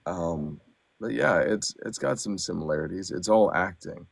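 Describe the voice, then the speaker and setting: A man, an audiobook narrator and actor, chatting as a podcast guest in an animated way with lots of fillers. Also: deep voice, moderate pace, vocal fry, no echo. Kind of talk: casual podcast chat.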